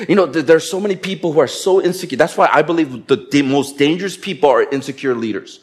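A man preaching a sermon in a somewhat high voice. He talks animatedly, slipping into playful acted-out quotes and joking along as he goes. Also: fast talker, few pauses. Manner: animated, acts out quotes with humor. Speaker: pastor.

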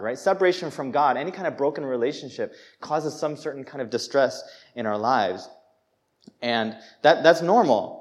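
A young man preaching a sermon in a church, conversational and animated, acting out people's reactions as he speaks. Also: medium pitch, normal speed. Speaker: pastor.

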